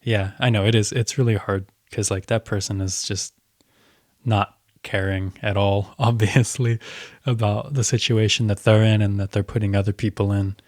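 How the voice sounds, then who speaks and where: A young man co-hosting a podcast, talking calmly and reassuringly to his friend. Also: lowish voice, normal speed, dry recording, studio quality. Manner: calm, reassuring advice. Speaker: podcast co-host. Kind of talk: casual chat.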